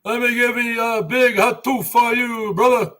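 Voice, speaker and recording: A man's voice: extremely high pitch, fairly even intonation, moderate pace, pushed and bright. A man hosting an online show, delivering a mocking, repetitive rant at rivals and calling them brother. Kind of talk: ranting monologue to viewers.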